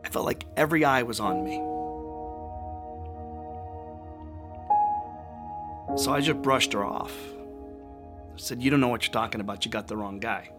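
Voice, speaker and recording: A man's voice: medium pitch, close to an everyday voice. A man playing a remorseful fisherman disciple. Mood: tense. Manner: confessional, halting, swelling into shouts. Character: remorseful male fisherman disciple, adult, impulsive. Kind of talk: dramatic monologue over music. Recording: music playing underneath.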